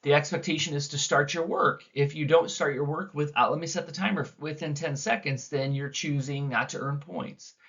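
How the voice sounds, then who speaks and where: A man leading a teacher training session, talking to an audience of teachers and acting out quoted dialogue with big swings in pitch and loudness. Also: normal speed, few pauses. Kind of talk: recorded teacher training talk. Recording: dull lo-fi recording.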